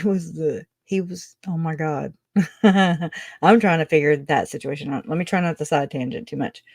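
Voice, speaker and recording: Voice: mid-range voice, a little mellow, no echo, clean studio sound. A true crime channel host giving casual livestream commentary, rambling through tangents and laughing often.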